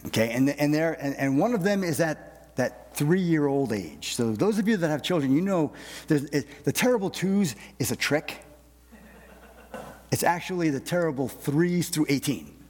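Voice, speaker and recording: Husky-voiced man preaching in a reverberant hall. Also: on the high side, animated, moderate pace, darkish tone. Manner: folksy, self-deprecating, repeats words as he goes. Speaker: pastor. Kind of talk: conversational sermon. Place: church sanctuary. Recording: long reverb of a large hall.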